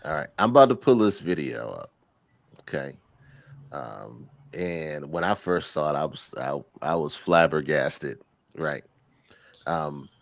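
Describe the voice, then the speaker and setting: Deep voiced guy laughing thru casual podcast chat, dry close sound. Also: vocal fry, no room sound. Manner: animated, laughs often, slangy. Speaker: podcast co-host.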